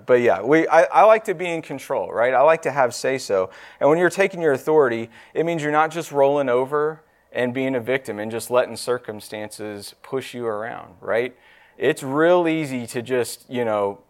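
A man in his thirties or forties preaching a sermon in a casual, conversational way, often asking the room "right?". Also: medium pitch.

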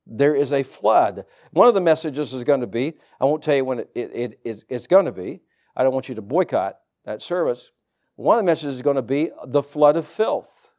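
A male pastor preaching a sermon, reading scripture aloud and rising into loud, fervent preaching. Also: medium pitch, animated, normal speed.

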